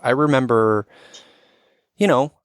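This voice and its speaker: A man's voice: medium pitch, takes it slowly, smooth, no echo, clean studio sound. A man hosting a podcast, speaking empathetically in casual conversation, with hesitant restarts. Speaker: podcast host.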